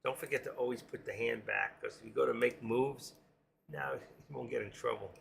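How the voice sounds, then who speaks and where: A man's voice: medium pitch, fairly even intonation, normal speed, vocal fry, a bit bright, slightly rough. A middle-aged man with a New York accent, chatting casually on his trading live stream and reading viewer comments aloud.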